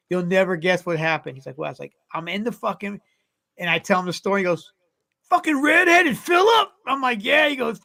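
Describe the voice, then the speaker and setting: High, gravelly man telling a story. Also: sharp tone. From California. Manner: profane, rambling anecdotes. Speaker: podcast co-host. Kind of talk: casual storytelling.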